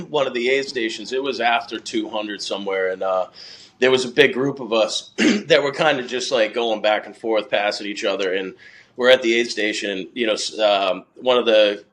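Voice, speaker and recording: A man in his thirties, a podcast guest, telling a story in a casual interview, earnest and emotional, halting with many fillers. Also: mid-range voice, a bit bright.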